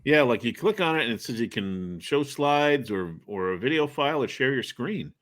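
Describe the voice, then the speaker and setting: A man's voice: medium pitch, expressive, moderate pace. A man co-hosting a casual sports podcast over a remote call, joking and conversational. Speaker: podcast co-host. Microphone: remote call setup.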